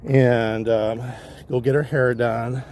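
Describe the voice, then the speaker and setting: A man's voice: mid-range voice, little pitch movement, slow, a little mellow, slight background noise. A man livestreaming while hiking a trail, casually telling a wandering, profane story. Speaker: livestream vlogger. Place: outdoor hillside trail.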